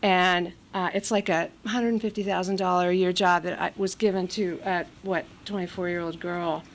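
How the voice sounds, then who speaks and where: A woman's voice: lowish voice, steady tone, moderate pace. A middle-aged woman from California giving a candid recovery share at a meeting, blunt, profane and self-mocking, with a lot of fillers.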